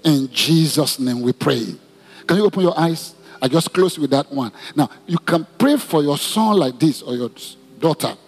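A man's voice: a little high, moderate pace, few pauses, slightly rough, long reverb tail. A male pastor preaching and leading prayer in church, telling stories with acted-out voices. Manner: animated storytelling, acts out quoted voices. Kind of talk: sermon with congregational prayer.

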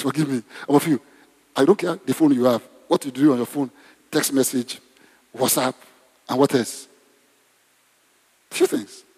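Lively husky preacher in a hall. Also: male voice, fairly high pitch. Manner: conversational, asks the congregation questions. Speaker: pastor. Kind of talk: sermon. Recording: long hall reverb.

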